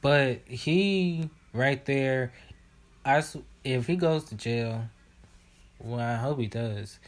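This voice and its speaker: A man reacts to a video in casual commentary, talking back at the screen with indignation and frequent fillers. He speaks slowly, with a mid-range pitch.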